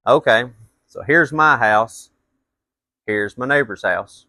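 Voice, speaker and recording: A man's voice: mid-range voice, lively intonation, slow pace, sharp tone, dry recording. A man telling a blunt, profane story as a rant, his voice jumping up into heated outbursts. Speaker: vlogger.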